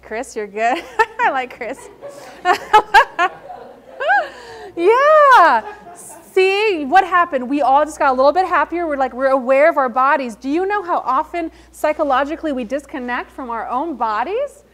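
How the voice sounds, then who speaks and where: A woman's voice: sits high, fairly quick, hardly any pauses, fairly bright tone. A woman giving a motivational talk to a live audience at an event, telling stories and acting out the quoted lines as she goes. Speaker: invited speaker at an entrepreneurship event. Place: event hall in front of an audience.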